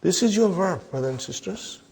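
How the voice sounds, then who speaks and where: A man teaching an Arabic grammar lesson, slowly repeating terms and asking his listeners if they follow. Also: high voice, animated, a little mellow, breathy edge, long reverb tail. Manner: slow, repetitive, addresses "brothers and sisters", checks understanding with "huh?". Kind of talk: explanatory lesson.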